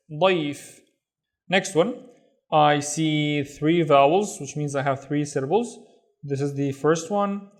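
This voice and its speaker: A man with a Saudi accent teaching a reading lesson, sounding out syllables and repeating each word slowly. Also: on the high side. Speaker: Arabic teacher. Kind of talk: slow, careful reading lesson.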